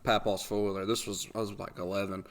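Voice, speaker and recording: A man on a podcast telling his own story in a relaxed, low-key way during casual chat. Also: fast talker.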